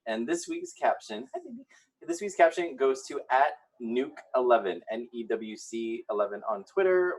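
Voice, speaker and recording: A man's voice: mid-range voice, moderate pace, poor audio. A man co-hosting a soap recap show, reading news and gossip in an upbeat way with some "uh"s. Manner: upbeat, animated delivery with filler "uh"s.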